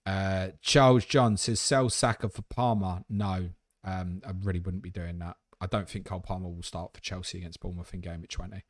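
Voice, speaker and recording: A man's voice: sits low, steady tone, a little fast, no room sound, clean studio sound. Blunt matey man hosting. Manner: blunt, swearing, matey banter. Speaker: host. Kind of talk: live Q&A stream.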